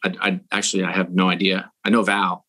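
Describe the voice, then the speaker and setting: Animated man telling a story. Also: deep voice, brisk. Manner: animated, acts out quoted dialogue. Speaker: sports executive, podcast guest. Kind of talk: casual storytelling.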